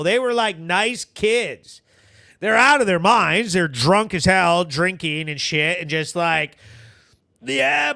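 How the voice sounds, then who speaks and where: List: man, high voice, gravelly, slow delivery, crude animated storytelling, show host. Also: dry recording, studio quality. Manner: animated, crude, laughing often, hype shout-outs. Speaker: host of a local news recap show. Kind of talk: casual profane storytelling.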